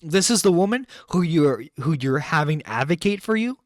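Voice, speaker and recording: Close to the mic with no echo, an internet radio host reacts to a clip on his live stream in an exasperated, incredulous rant that includes some swearing. His voice is fairly high and sing-song, at a moderate pace.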